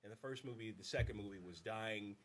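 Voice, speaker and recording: A man co-hosting a podcast, casually chiming into a film discussion with many restarts. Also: lowish voice. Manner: halting, many restarts and yeahs. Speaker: podcast co-host. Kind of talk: casual movie review chat.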